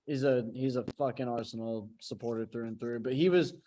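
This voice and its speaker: A man on a football podcast panel, telling a story in an animated, incredulous way. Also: mid-range voice, fairly quick, a little hiss or hum, rough recording. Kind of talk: casual football chat.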